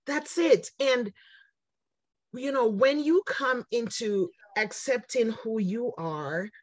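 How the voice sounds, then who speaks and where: A woman's voice: on the high side, lively intonation, slow pace, no room sound. A woman hosting a podcast, talking reflectively and with emphasis, speeding up as she lists examples. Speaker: podcast host. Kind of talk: conversational podcast talk.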